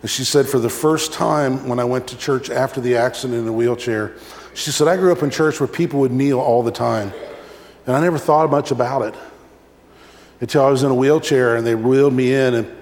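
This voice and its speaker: A man's voice: mid-range voice, brisk. Preaching man in an echoey hall. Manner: animated storytelling, acting out examples. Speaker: pastor. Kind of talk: sermon.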